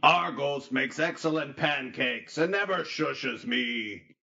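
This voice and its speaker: A man's voice: on the high side, slow pace, gravelly, pushed and bright, lo-fi sound, heavily acted. A man playing a brutish grumbling warrior. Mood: grumpy. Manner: blunt, grumbling.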